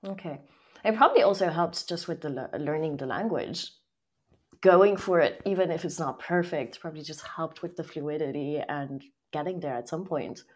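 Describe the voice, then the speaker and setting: A woman hosting a casual interview, supportive and quick to agree and laugh along. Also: sits low, darkish tone, husky. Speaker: host.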